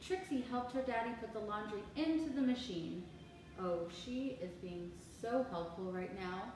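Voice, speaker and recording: A woman teacher reading a picture book aloud to children, animated and expressive with asides, heard from far off in an echoey room. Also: medium pitch, moderate pace, background noise.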